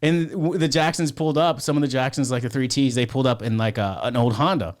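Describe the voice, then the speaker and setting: A man's voice: medium pitch, fast talker. A man telling a story as a podcast guest, in a rambling, profane way full of "like" and "you know". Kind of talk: casual storytelling.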